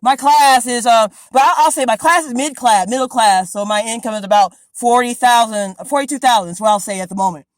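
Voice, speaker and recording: A woman's voice: fairly high pitch, a little fast, hardly any pauses, no echo, low-quality recording. An American woman in her forties, insistent and rambling, talking from inside her parked car during a police stop. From USA. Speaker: motorist questioned by police. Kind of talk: tense confrontation.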